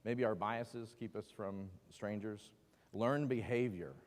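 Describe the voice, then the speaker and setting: A man's voice: lowish voice, takes it slowly. A man teaching a casual Bible class at church, joking and asking the class questions as he talks. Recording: long hall reverb.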